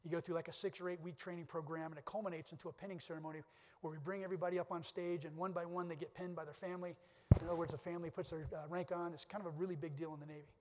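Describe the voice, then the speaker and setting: A man's voice: a little high, little pitch movement, very fast, hardly any pauses, a little mellow, a little hiss or hum. A middle-aged man giving a keynote speech at a conference, telling personal stories in an earnest way with many restarts. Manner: earnest storytelling with repeated restarts. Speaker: keynote speaker. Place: conference hall. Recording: long hall reverb.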